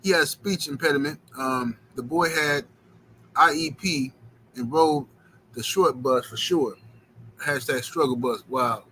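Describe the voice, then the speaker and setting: A man's voice: mid-range voice, big pitch swings, unhurried, vocal fry, pushed and bright, a little hiss or hum, poor audio. A man hosting a boxing livestream, rambling in slangy casual chat and filling it with "you know what I'm saying.".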